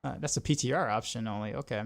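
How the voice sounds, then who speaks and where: Gravelly and medium-pitched, a fast-talking man rambles through casual chat as he streams a game. Filler words, especially "like," pile up alongside frequent repeats.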